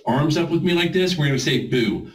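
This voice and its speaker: A man leading a group voice warm-up class in an informal, encouraging coaching way. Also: fairly high pitch, animated, brisk, poor audio. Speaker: voice exercise instructor.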